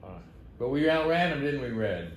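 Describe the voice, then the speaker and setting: A man's voice: mid-range voice, very animated, moderate pace. Chuckling older grandfather, echoey room. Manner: chatty, chuckling, fond teasing tone with family and pets. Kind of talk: casual family storytelling. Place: family home, indoors. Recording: echoey room with background noise.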